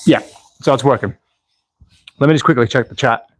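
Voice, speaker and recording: A man's voice: mid-range voice, brisk, no echo. An Australian man hosting a casual live stream, chatting, thinking aloud and answering viewers' chat. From Australia, Melbourne. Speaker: slot car channel host.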